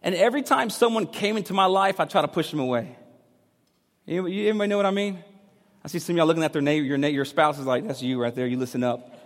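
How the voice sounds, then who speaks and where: A man's voice: high voice, animated, fast talker. Man preaching a candid sermon. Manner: candid storytelling, swinging from loud to hushed. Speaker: pastor. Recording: long reverb of a big hall.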